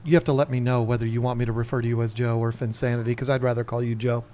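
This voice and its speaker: A man from Northern Virginia hosts a podcast, talking very fast at medium pitch in a casual livestream chat. He's an animated storyteller who laughs often and slips into voices.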